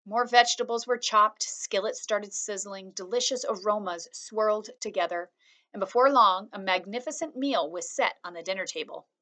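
A woman reading a children's novel aloud, one chapter after another. Her delivery is calm and steady, in a voice of ordinary middle pitch. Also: moderate pace. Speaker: reader.

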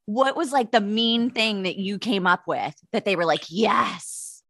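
A woman's voice: mid-range voice, measured pace, fairly bright tone. A woman co-hosting a podcast, chatting eagerly and asking questions. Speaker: podcast co-host. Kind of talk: casual podcast chat.

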